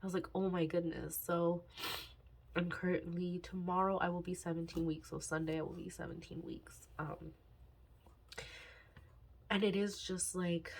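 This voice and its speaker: A woman in her twenties talking candidly in a personal vlog, halting and sighing often, emotional and close to tears. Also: on the low side, creaky, slightly rough. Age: 20s. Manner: halting, sighing, many fillers and restarts. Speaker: budgeting vlogger.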